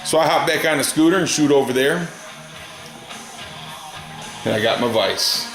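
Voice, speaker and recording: A man's voice: medium pitch, normal speed, echoey room, music in the background. A middle-aged man chatting casually and rambling through a story in his home garage, folksy and drawling. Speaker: garage hobbyist vlogger. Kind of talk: casual workshop chat.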